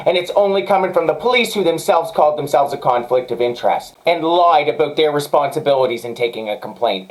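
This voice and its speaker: A man's voice: fairly high pitch, poor audio. A man hosting his own podcast, ranting in an angry, profane solo commentary. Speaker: podcast host.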